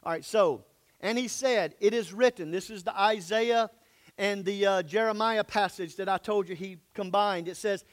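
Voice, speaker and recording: High-voiced pastor preaching. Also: male voice, normal speed. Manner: folksy, reads scripture then explains it in plain talk. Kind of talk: sermon.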